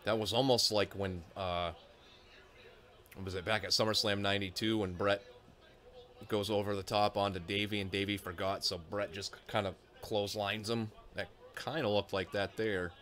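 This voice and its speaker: A man with a fairly low voice talks loosely over a match as he watches it. He thinks out loud and wanders into asides, with plenty of "um" and "like" along the way. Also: steady tone, moderate pace. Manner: chatty, thinks aloud with fillers and asides. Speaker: wrestling reaction streamer. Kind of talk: casual live reaction commentary.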